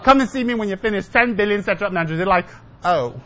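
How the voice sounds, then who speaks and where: A man's voice: high-pitched, rapid-fire, a bit bright, slight background noise. A man giving a humorous Dharma talk as a Buddhist teacher, joking with and teasing his listeners and mimicking his students.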